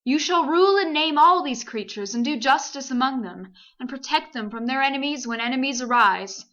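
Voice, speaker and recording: A woman's voice: sits high, lively intonation, fairly quick, a bit bright, highs cut off. Woman voicing a grave, kindly lion king. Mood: solemn. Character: great wise male lion, solemn and kind.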